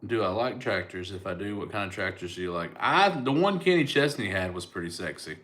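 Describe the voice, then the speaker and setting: Laid-back Southern joker on a live stream; lowish voice, teasing chat-reader. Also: male voice, lively intonation, a little fast, fairly bright tone. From Alabama, US. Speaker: comedian and online host. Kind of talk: casual live-stream chat answering comments.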